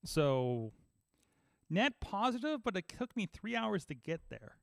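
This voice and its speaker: A man's voice: high voice, unhurried, creaky, dry recording. Man telling a story in a dry room. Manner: animated storytelling, acting out both sides of calls. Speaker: podcast host. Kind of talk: casual chat.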